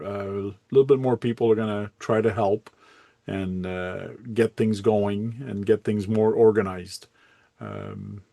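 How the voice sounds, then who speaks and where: A man hosting a casual livestream chat, relaxed and rambling, often correcting himself as he goes. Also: fairly low pitch, vocal fry, no echo. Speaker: host.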